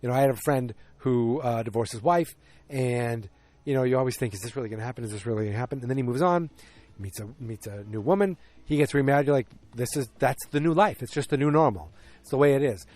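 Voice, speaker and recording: A man's voice: medium pitch, fast, darkish tone, dry recording. Chatty man recapping, acting out lines. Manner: chatty, acts out character lines with shifting voices. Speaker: podcast host. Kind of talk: solo casual recap podcast.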